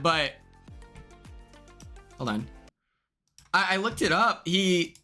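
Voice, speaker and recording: A young man chatting casually on a stream, excitable and laughing often. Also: high-pitched, slow, faint music behind.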